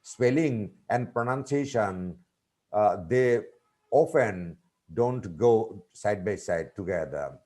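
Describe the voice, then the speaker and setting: A man giving a webinar lecture on teaching vocabulary, speaking deliberately and spelling out words letter by letter. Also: on the low side, animated, darkish tone. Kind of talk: lecture presentation.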